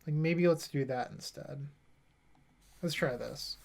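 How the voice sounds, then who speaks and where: A man with a fairly high voice talks through his card game as he plays. He rambles, cracks jokes at his own expense, and keeps a loose, casual commentary going. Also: slow pace, vocal fry. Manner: rambling, self-mocking asides. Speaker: gameplay streamer.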